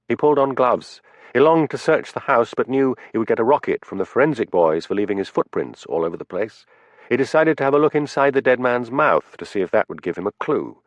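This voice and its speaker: Male audiobook narrator, low voice. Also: no echo, dull audio. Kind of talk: scripted narration.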